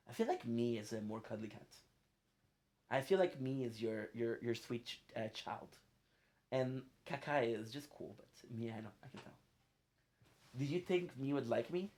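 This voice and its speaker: A man's voice: mid-range voice, a little mellow. Playful, rambling male streamer. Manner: playful, rambling, laughs often. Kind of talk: casual chat while gaming.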